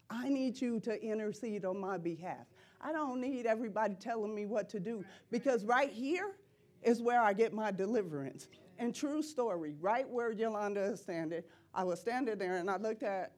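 A middle-aged woman giving an impassioned preaching testimony in church, repeating phrases and rising to loud cries. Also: mid-range voice.

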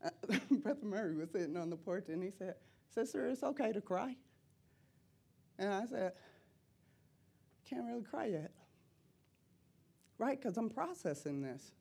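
A middle-aged woman giving an impassioned preaching testimony in church, repeating phrases and rising to loud cries. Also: medium pitch, expressive, a little slow, vocal fry, pauses often, breathy edge.

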